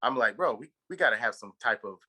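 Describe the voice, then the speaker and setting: Bright-voiced man telling a rambling story. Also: mid-range voice, lively intonation, fast talker, husky, poor audio. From Texas. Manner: rambling, profane storytelling with many fillers. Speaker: podcast co-host. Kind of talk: casual chat.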